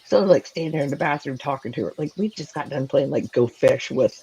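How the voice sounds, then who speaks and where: A woman in her forties in casual chat, telling personal stories in an animated way, filling her speech with "like" and acting out dialogue. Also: low voice, fast, muffled recording, a little hiss or hum. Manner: animated, many "like"s, acts out quoted dialogue. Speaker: co-host.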